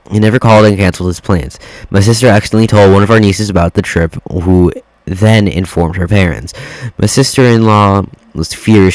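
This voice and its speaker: Low-voiced guy reading reddit stories, swears a lot, dry close sound. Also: a little mellow, no room sound, rough recording. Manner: swears freely, reacts to typos mid-read. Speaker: reddit story reader. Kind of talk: casual reading and commentary.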